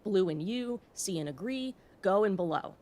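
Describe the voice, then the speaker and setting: A woman's voice: medium pitch, animated, moderate pace, dark tone. Woman narrating an explainer with wry asides. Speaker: host. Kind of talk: scripted educational narration.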